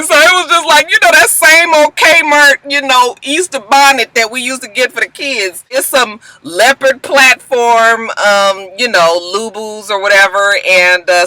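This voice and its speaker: A woman hosting a casual reality-show recap vlog, a profane, animated storyteller who laughs a lot and acts out quotes. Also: a little high, no echo, poor audio. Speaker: video host.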